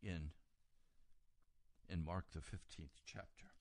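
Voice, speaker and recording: A man preaching a sermon, retelling a scripture story and moving from quiet reading to loud, raised emphasis. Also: low voice, takes it slowly, vocal fry.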